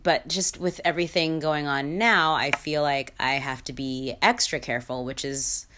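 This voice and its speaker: A woman's voice: sits low, steady tone, normal speed, pushed and bright. A woman hosting her own podcast, talking through her opinions in a candid monologue with frequent fillers, restarts and small laughs. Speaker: podcast host.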